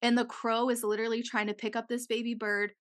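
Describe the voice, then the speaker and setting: A young woman co-hosting a podcast, telling a story in an animated way, swearing freely and acting out what people said. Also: a little high, fast. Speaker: podcast co-host. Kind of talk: casual chat.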